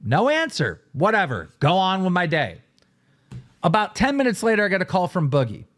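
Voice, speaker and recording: Animated high-voiced man telling a story. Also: moderate pace. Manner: excitable, swearing, acts out quotes. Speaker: podcast co-host telling a story.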